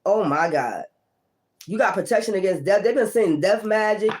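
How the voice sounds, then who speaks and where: A woman giving a casual tarot reading, blunt, profane and confrontational, moving between loud outbursts and low muttering. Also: animated, normal speed, a little hiss or hum. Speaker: tarot reader.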